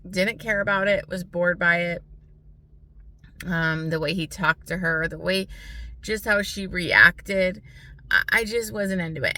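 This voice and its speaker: Blunt, bright-voiced young woman reviewing books. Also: on the low side. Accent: American. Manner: blunt, frustrated, swears often, many "like" fillers. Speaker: book vlogger. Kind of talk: casual book review.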